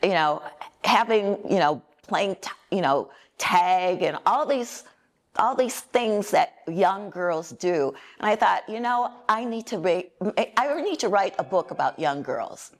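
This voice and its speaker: An older woman from Minnesota, an author answering audience questions in a chatty, unhurried way, her voice slightly cracking and tired, often laughing as she talks. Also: medium pitch, lively intonation. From Minnesota, USA. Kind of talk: conversational Q&A answers. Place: museum event room.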